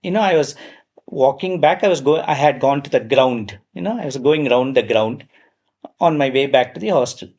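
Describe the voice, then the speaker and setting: A middle-aged man, telling personal stories at a devotional gathering in a lively way, with frequent fillers and self-deprecating asides. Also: mid-range voice, normal speed. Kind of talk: anecdotal storytelling talk.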